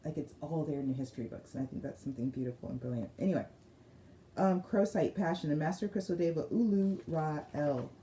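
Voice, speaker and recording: Chatty woman with a low, mellow voice. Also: fast, slight background noise. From United States. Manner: chatty, digressive, reads aloud with emphasis. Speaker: spiritual reader. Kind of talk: casual crystal card reading.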